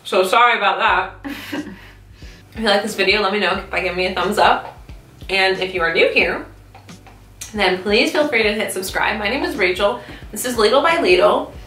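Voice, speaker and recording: A woman's voice: mid-range voice, animated, normal speed, long pauses, bright, forceful tone. A young woman chatting casually in a vlog while eating, talking with her mouth full and swearing freely. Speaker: YouTube vlogger. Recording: roomy echo, mic at a distance.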